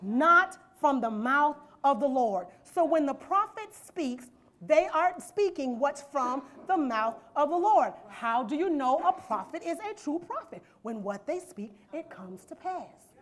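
A woman gives a sermon in church, her high-pitched voice sing-song and fairly bright, her pace measured. Reading scripture aloud, she explains each verse in turn and addresses the congregation with rhetorical questions and "amen?" in call-and-response style.

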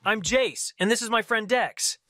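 A man voicing a brave and kind young male bee in an animated storybook, friendly and earnest. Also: high-pitched, normal speed, faint music behind, voice pushed up.

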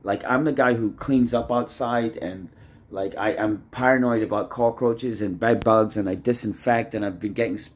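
A man talking straight to camera in a loose, rambling vlog, leaning on "like" over and over and often trailing off quieter mid-thought. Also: fairly low pitch, steady tone, moderate pace. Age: adult, married. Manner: rambling, loose, leans on "like" constantly. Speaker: vlogger. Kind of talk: casual rambling vlog monologue.

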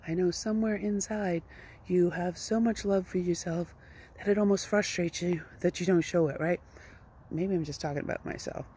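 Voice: mid-range voice, steady tone, normal speed, dark tone, breathy edge. A self-help vlogger speaking outdoors at a rural home, giving an earnest, playful, coaxing motivational talk.

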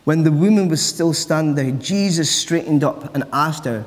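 A man's voice: on the high side, moderate pace, hardly any pauses. A man preaching a sermon as pastor, earnest and repeating phrases for emphasis. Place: church. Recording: long church reverb.

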